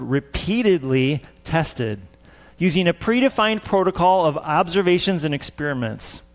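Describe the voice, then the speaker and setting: Earnest man preaching, slightly high voice. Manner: earnest, repeats words for emphasis. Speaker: preacher and scientist. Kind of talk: sermon.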